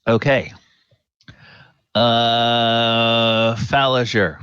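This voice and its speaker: A man narrating a tabletop game as dungeon master, unhurried and halting with fillers. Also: mid-range voice, little pitch movement, fairly bright tone, clean tone, no echo, lo-fi sound.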